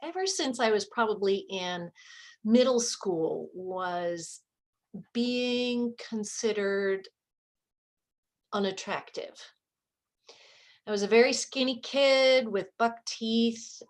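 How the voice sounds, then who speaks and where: A woman at an improv comedy show telling a candid personal story with joking asides. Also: mid-range voice. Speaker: improv performer. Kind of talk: storytelling monologue.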